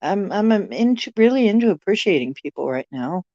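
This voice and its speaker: A woman's voice: medium pitch, very animated, fairly quick, dark tone, dry recording, highs cut off. A woman hosting a livestream, chatting casually with viewers in a rambling, joking, self-deprecating way. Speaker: livestream host.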